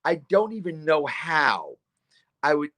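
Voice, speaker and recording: Guy, middle-aged, loud and animated, bit of a higher voice, telling a story and doing everybody's lines. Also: slow. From New Jersey. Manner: loud, animated storyteller who acts out dialogue. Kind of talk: casual storytelling.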